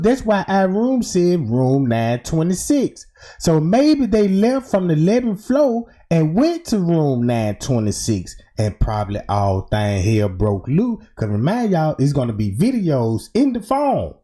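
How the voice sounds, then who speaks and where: A livestream commentator walks through a true-crime theory in an informal way, often saying "boom" and "right?". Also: dark tone.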